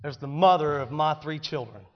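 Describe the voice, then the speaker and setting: A man preaching a sermon, swinging dramatically between hushed storytelling and loud, fervent exclamation. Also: on the high side, normal speed. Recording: dull sound with long hall reverb.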